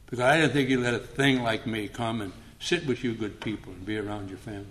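A man's voice: fairly low pitch, fast talker, a bit bright. An older man speaking at a recovery meeting, telling his story in a plainspoken, humorous way. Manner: humorous, plainspoken, acts out past conversations.

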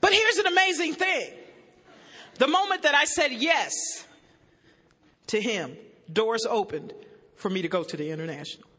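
A woman giving a humorous testimony to an audience as a recovery meeting speaker, animated and joking with bursts of shouting. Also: fairly high pitch, moderate pace, long pauses, breathy edge. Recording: echoey hall.

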